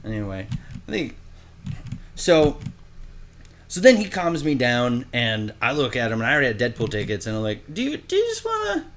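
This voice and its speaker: Animated young man telling a story. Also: moderate pace, pauses often, a little hiss or hum. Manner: animated storyteller, acts out quotes in high voices. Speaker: podcast co-host. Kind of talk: casual storytelling chat.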